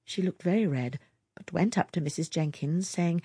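A woman narrating a story aloud in a lively storytelling manner. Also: lowish voice, moderate pace, slightly rough, no room sound, clean studio sound. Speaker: audiobook reader. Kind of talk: scripted narration.

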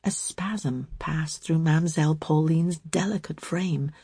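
Slow, husky woman narrator. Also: low voice, no echo, clean studio sound. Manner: slow, measured and calm. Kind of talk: storybook reading.

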